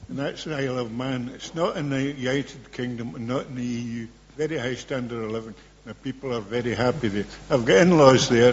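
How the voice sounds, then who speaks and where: A man in the audience making a comment from the floor in short, plain statements. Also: mid-range voice. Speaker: audience member. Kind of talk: question from the floor. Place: public hall. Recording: dull echoey hall recording with hum.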